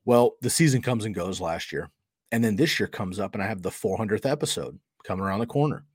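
Middle-aged man, podcast host, casual storytelling, lowish husky voice, dry close mic. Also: animated, quick pace, no echo. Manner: conversational storytelling, acts out quoted dialogue.

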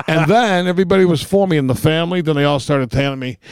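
Gravelly profane man telling stories. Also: a little high, fast talker, hardly any pauses, no echo, clean studio sound. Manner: profane, animated storytelling. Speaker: podcast co-host. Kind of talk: casual chat.

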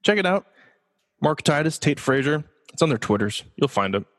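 A man's voice: fairly high pitch, normal speed, long reverb tail. Casual man hosting a solo sports show. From Los Angeles, USA. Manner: casual, joking, lively with rhetorical questions. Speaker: podcast host.

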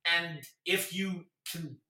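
A man's voice: fairly high pitch, takes it slowly, sharp tone. A middle-aged man, a guest on a sports podcast, talking casually and emphatically with lots of fillers. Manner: emphatic, filler-heavy, impassioned. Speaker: guest alum. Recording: roomy echo.

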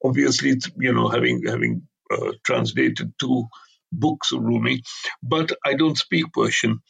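An older man talks in a relaxed interview, full of digressions and blunt asides. His voice is husky, with a gravelly catch. He is an author telling how his work came about. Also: medium pitch, measured pace, poor audio. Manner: emphatic, digressive storyteller with blunt opinions. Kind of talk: conversational interview.

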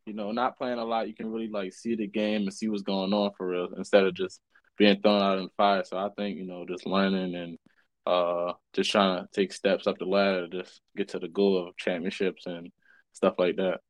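A man's voice: low-pitched, little pitch movement, moderate pace, dry recording, rough recording. A young man from Baltimore, a college basketball player, answering casually with lots of "you know". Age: young adult. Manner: easygoing, fillers like you know. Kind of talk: casual interview.

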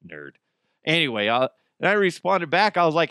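A man's voice: fairly high pitch, sing-song, normal speed, pushed and bright, clean tone, no echo, studio quality. A man hosting a casual solo podcast, joking and rambling, swearing freely and slipping into mocking voices. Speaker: podcast host.

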